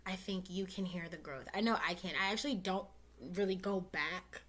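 A woman's voice: on the low side, moderate pace, a bit bright. A young woman hosting her own podcast, talking straight to her listeners in a casual, heartfelt way. She, uses many fillers and is close to tears. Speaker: podcast host.

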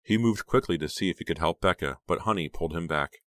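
A man narrating a horror audiobook in a steady, dramatic reading. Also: deep voice, fast talker, no room sound, clean studio sound.

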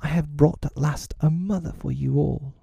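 A man voicing a boastful, commanding boy leader in a whispered role-play storybook reading, husky and hushed. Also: on the low side, monotone, extremely slow, no room sound, exaggerated voice. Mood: proud.

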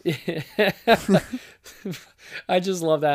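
A man's voice: a little high, slow pace, no room sound. A man guesting on a film podcast who talks in an enthusiastic, profane, laughing way. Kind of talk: casual film discussion.

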